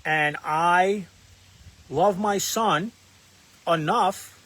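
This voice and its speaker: Husky man telling a parenting story. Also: sits high, very slow, fairly bright tone. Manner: rambling, many fillers and restarts, acts out quoted lines. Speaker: parenting content creator. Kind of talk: casual storytelling monologue.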